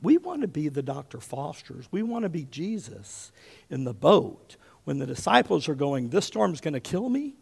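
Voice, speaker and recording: A man in his fifties preaching a sermon as pastor, telling stories with big swings between loud and hushed, often checking in with "okay?". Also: on the high side, normal speed, creaky, breathy edge. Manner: animated storyteller, often checks in with "okay?", drops to a hush for quotes.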